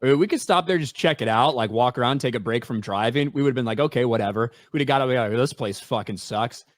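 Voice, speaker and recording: A man's voice: mid-range voice, quick pace, no room sound, clean studio sound. A man hosting a podcast, talking casually in a brash, profane, mocking way. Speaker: podcast host. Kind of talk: casual chat.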